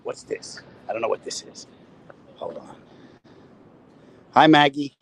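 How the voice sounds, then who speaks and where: A man's voice: mid-range voice, animated, a little slow, creaky, no echo, low-quality recording. A middle-aged man, a comedian, chatting casually and cracking jokes while he walks city streets, talking into a phone and reading out viewer comments. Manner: rambling, wisecracking, reads out viewer comments. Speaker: comedian hosting a live stream. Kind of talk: casual chat while walking. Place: walking city streets outdoors.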